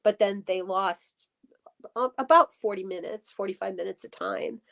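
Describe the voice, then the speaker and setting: A woman guest on a live chat stream, telling stories in an animated, restarting way. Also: medium pitch, moderate pace, creaky. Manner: animated storyteller, many restarts.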